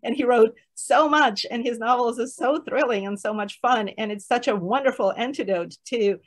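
Excited woman rambling about a novel over a video call, laughs a lot. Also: on the high side, normal speed. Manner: enthusiastic, rambling, laughs often. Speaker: literature course leader. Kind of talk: solo online book talk.

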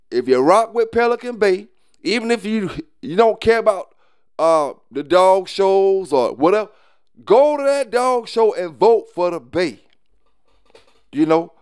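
A man with a drawl speaks off the cuff to his viewers in a high, smooth, resonant voice. He rambles, repeats his points, laughs briefly, and lectures his peers bluntly. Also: darkish tone, dry recording, clean studio sound. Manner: loose, repetitive, often asks "you know what I'm saying"; blunt and preachy, with short laughs. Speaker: dog kennel owner. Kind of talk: casual to-camera talk.

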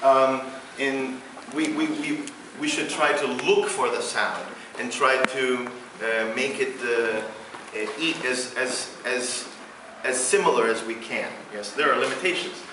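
A man with a Venezuelan Spanish accent, a native Spanish speaker, leading a vocal workshop, explaining in halting English full of fillers and breaking into sung syllables. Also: mid-range voice, fairly even intonation. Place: large hall. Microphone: far room microphone. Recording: distant, very echoey hall with background noise.

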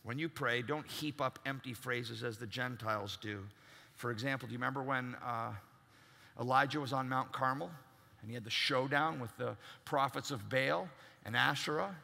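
A man's voice: mid-range voice, normal speed, gravelly, sharp tone. A man preaching a sermon as pastor, emphatic and acting out the voices he quotes. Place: large church. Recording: long reverb in a large church.

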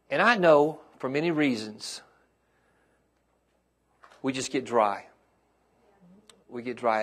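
A man, a pastor preaching a sermon to his congregation and calling out to them as his intensity rises. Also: medium pitch.

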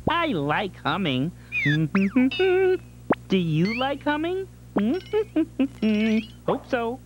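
A man's voice: extremely high pitch, sing-song, drawn-out words, muffled recording, over music, heavily acted. A man voicing a cheerful, giggly cartoon face that hosts a children's channel in a sing-song way. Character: cheerful cartoon face host, male, playful. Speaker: channel host. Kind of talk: children's TV presenting.

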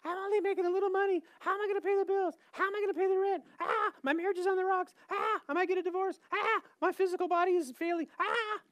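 A man preaching puts on the high, frantic voice of a worried person wailing about his troubles. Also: fairly even intonation, fast, hardly any pauses, fairly bright tone, no room sound. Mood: panicked.

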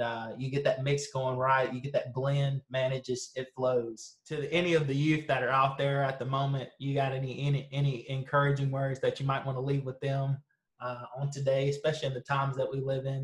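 A man's voice: mid-range voice, little pitch movement, brisk. A man hosting a church interview, easygoing and full of fillers. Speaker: host. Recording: echoey room.

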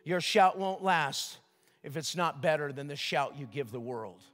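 An older man preaching a sermon as pastor, lively and joking, asking the crowd questions. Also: a little high, a little slow, big-room sound. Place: church sanctuary.

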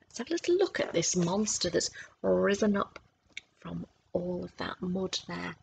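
A woman reading a picture book aloud to children, expressive and stopping to ask about the pictures. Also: fairly low pitch, unhurried, gravelly, slight background noise, rough recording. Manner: expressive, asks listeners questions about the pictures. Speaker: storytime reader.

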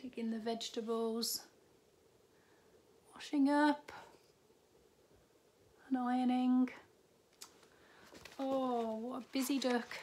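A woman primary school teacher reading a picture book aloud to young children, gently pausing for asides about the pictures. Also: on the high side, husky.

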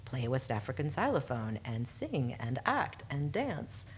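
Low-pitched woman guest, lively storyteller who laughs a lot and mimics people. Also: unhurried, a little hiss or hum. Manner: animated, laughs often, acts out quoted people. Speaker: podcast guest, performer. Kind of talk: casual storytelling chat.

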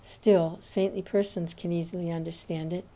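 A woman reading a devotional scripture aloud in a measured, reverent narration. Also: on the low side, flat delivery, mellow. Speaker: reader.

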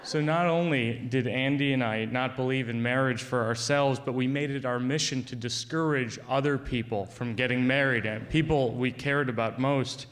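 Male comedian with a clear, resonant voice, telling a personal story in a dry, deadpan stand-up style. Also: mid-range voice, normal speed, few pauses.

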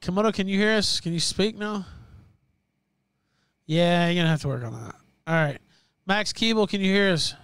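A man hosts a call-in stream in a casual, offhand way, taking callers and helping them sort out their audio. His voice sits a bit high. The sound is close and dry. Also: moderate pace, a bit bright, clean tone, no room sound. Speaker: host.

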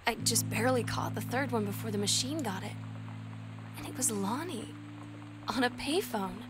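An actress voicing a lonely, wistful teenage girl who reads her journal entries aloud as a game voice-over in a soft, unhurried way. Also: on the high side, natural voice. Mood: anxious. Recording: voice-over under game music.

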